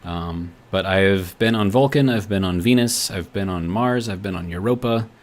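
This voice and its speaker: A man's voice: low-pitched, moderate pace. A man streaming a game live, thinking aloud as he plays and reading out chat messages in a rambling, chatty way. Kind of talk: live gameplay commentary.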